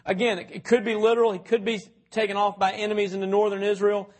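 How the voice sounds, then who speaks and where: A man with a fairly high, husky voice preaches a sermon. He talks in a conversational way, putting questions to his listeners and telling anecdotes. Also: flat delivery, fast talker, a little mellow. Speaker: pastor.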